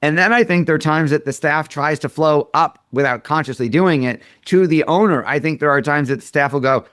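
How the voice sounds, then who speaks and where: A man in his forties telling business stories in casual interview talk, slipping into other people's voices for quoted lines. His voice sits a little high for a man. The sound is dry and close. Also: brisk, few pauses, fairly bright tone, smooth, no echo. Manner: storytelling, acts out quoted dialogue. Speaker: marketing expert guest.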